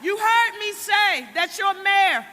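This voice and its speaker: A woman mayor, shouting a rally speech and leading the crowd in call and response. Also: very high voice, animated, takes it slowly, background noise. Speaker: city mayor speaking at a rally. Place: large indoor rally hall with cheering crowd. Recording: echoey hall, roaring crowd.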